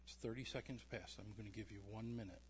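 A man leading a church service, speaking gently and pausing for quiet prayer. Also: fairly low pitch, long reverb tail, a little hiss or hum.

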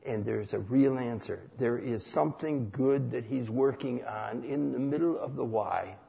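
A man preaching calmly about asking God why, in a slow, reflective way. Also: medium pitch, gravelly, husky. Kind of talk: sermon.

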